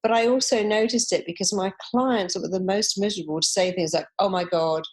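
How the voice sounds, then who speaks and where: A woman's voice: mid-range voice, fast talker, breathy edge. A woman, a therapist guest in an interview, telling stories and acting out the voices of people she quotes. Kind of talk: conversational interview.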